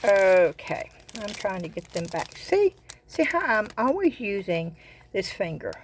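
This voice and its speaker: A woman's voice: medium pitch, sing-song, unhurried, a little hiss or hum. An older woman with a Southern US accent, chatting casually in a craft vlog. She rambles and often repeats her words as she goes. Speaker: craft vlogger. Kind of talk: casual chat.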